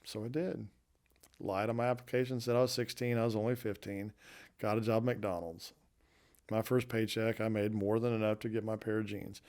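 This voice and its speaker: A man in his fifties spins loose, folksy stories from his working life, correcting himself as he goes. His voice sits low and smooth, with a steady, fairly even tone. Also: a little fast. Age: 50s. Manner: folksy, rambling anecdotes with self-corrections. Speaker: guest recounting his restaurant career. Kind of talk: casual storytelling interview.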